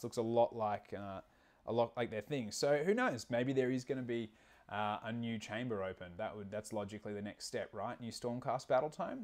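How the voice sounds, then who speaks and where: A man's voice: mid-range voice, a little mellow. A man hosting a casual livestream, laid-back and profane, rambling with plenty of fillers. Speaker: stream host.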